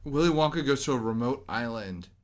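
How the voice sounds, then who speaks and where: A man co-hosting a casual movie podcast, chatty and fond of doing quick impressions. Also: mid-range voice, animated. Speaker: podcast co-host.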